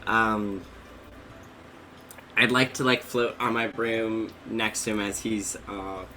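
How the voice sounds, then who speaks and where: Slow, bright-voiced male player. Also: fairly low pitch, level tone, a little hiss or hum. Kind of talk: casual tabletop game chat.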